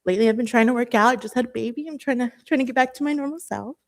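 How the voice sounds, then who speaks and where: A woman's voice: fairly high pitch, rapid-fire. A young woman from Southern California speaks at a city meeting's public comment, nervous and emotional. Her speech halts often and is full of fillers.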